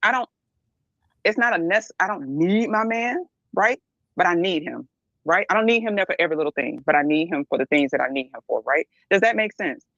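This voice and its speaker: A woman's voice: fairly low pitch, animated, fast, gravelly, fairly bright tone, no echo, lo-fi sound. A middle-aged woman speaking bluntly and emphatically as a podcast guest, often checking in with "right?". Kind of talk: candid podcast discussion.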